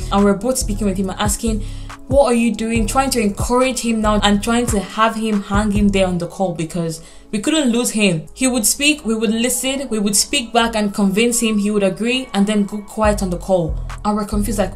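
A young woman, earnestly retelling a personal story in a vlog, her voice climbing when she quotes herself. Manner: earnest, urgent retelling, rising pitch when quoting herself. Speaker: vlogger.

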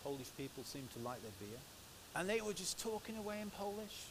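A man's voice: high-pitched, brisk. An English man giving a church sermon into a microphone, telling personal stories in a chatty, anecdotal way. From England. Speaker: preacher. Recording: steady background hiss.

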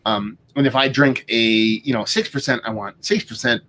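A man's voice: medium pitch, steady tone, moderate pace, sharp tone, slight background noise. A young man co-hosting a beer tasting livestream, chatting casually with a joking, rambling, foul-mouthed manner.

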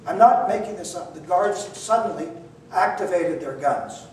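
An older man tells a personal story in a high-pitched voice, poking fun at himself and acting out each exchange. He sits well back from the mic in a room that echoes heavily, with a faint hiss underneath. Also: normal speed, distant mic. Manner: animated, self-deprecating storytelling with quoted dialogue.

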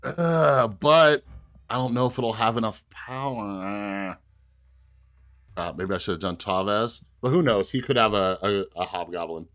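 A man casually commentating his own card game play and chatting directly to his viewers, with sudden bursts of excitement. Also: on the low side, a little slow. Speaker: gaming video host.

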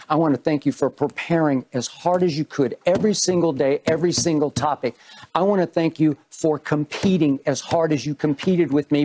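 An older man, a TV sports debate host, giving an earnest and measured on-air tribute to his departing co-host. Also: on the high side, darkish tone, a little hiss or hum. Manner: measured, earnest, reads in repeated phrases.

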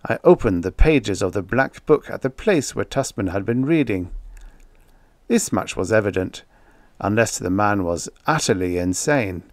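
A man reads a vintage horror tale in the first person, measured and grave. His voice is low and close, with a dry, roomless sound. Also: expressive, no room sound. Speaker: audiobook narrator. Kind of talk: scripted first-person narration of a horror story.

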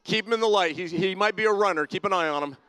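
A man's voice: high voice, fast, bright, forceful tone. A man leading a playful congregation activity in a church sanctuary, teasing people and calling them down by name. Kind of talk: leading a playful audience-participation segment. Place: large church sanctuary with balcony and spotlights. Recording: long reverb of a big hall.

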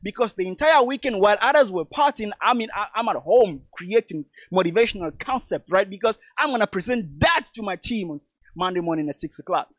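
A man's voice: high-pitched, lively intonation, fairly quick, few pauses, fairly bright tone, dry recording. A man from Togo, giving an emphatic motivational speech and calling his audience "lovely people". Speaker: motivational speaker.

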